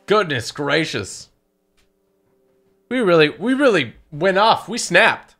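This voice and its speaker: A young man doing excited gameplay commentary who talks in frequent exclamations. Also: sits high. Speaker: gaming YouTuber.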